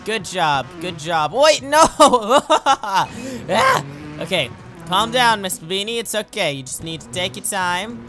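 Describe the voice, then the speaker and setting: A young man commentating on his own gameplay, excitable and jokey, talking to himself and yelping when he crashes. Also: high-pitched, moderate pace, soft background music. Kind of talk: let's play commentary.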